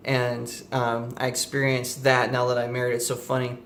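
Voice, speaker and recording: A man's voice: mid-range voice, completely flat delivery, moderate pace, fairly bright tone, slight background noise. A young man vlogging, telling a casual story to the camera in a rambling way with many fillers and self-corrections.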